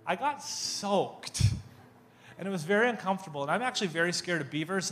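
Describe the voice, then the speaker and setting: A man preaching a sermon, telling a story with animated, self-mocking humor and acting out the voices in it. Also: high-pitched. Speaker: pastor.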